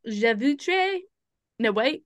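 A woman co-hosting a podcast, rambling through stories and poking fun at herself. Her voice sits a little high, and the room is dry and close. She talks in a loose, chatty way. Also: expressive, slow pace, dry recording. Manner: chatty, rambling, self-mocking. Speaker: podcast co-host. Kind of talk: casual chat.

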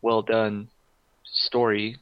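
A man's voice: on the low side, level tone, extremely slow, clean tone, no room sound, lo-fi sound. A man co-hosting a podcast in casual chat, rambling and enthusiastic with many fillers.

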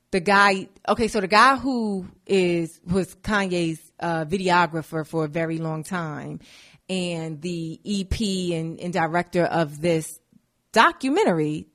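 A young woman in her twenties talks through her podcast in a loose, chatty monologue. She swears freely, hops between topics and keeps an animated, conversational flow, with a voice of average pitch for a woman. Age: 20s. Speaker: podcast host. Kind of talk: casual monologue.

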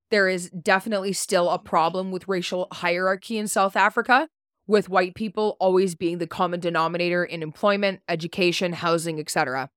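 A woman's voice: on the low side, fairly bright tone, no echo, clean studio sound. A woman hosting a podcast, reading a prepared story segment in a blunt way, swearing casually and stumbling over unfamiliar names. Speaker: podcast host.

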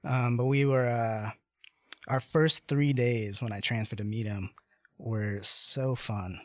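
A young man in his twenties hosts a relaxed conversation, telling stories with lively pacing and plenty of "like" and "you know." His voice sits at a middle pitch. The recording is dry and close, with no room sound. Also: dry recording. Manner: animated, fast-paced storytelling with fillers. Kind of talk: casual storytelling chat.

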